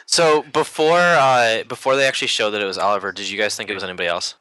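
A man chatting casually about a video game, animated and quick to act out characters' lines. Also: on the low side, clean tone, low-quality recording. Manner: animated, acts out characters in quotes. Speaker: podcast co-host.

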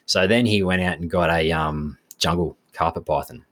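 A man's voice: sits low, moderate pace. An Australian man co-hosting a podcast, telling a long story in casual chat with lots of acted-out dialogue. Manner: rambling, animated retelling with quoted dialogue. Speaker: podcast co-host.

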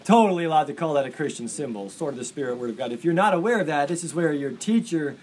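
A man's voice: fairly high pitch, expressive, fast talker, a little mellow, a little hiss or hum. Enthusiastic male English teacher. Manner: enthusiastic, asks the class questions. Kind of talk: classroom lecture. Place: classroom.

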